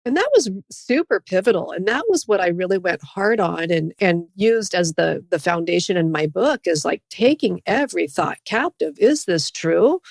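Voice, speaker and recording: A middle-aged woman tells her own story with earnest conviction. Her voice sits a little low and carries a gravelly edge. The sound is close and dry. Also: animated, moderate pace, few pauses, no echo. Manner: earnest, faith-based testimony. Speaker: podcast guest. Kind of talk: personal story in a podcast interview.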